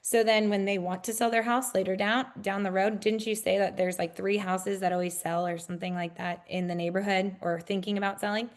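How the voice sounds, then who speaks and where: A woman real estate agent in a casual interview, talking with many fillers and acting out bubbly, high-pitched greetings. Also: fairly even intonation, fairly quick, few pauses.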